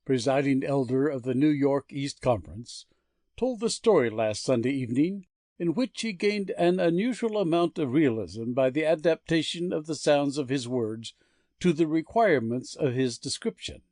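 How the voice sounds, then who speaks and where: A man reading a story's narration in a plain, steady, scripted way. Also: mid-range voice, moderate pace, no echo, clean studio sound.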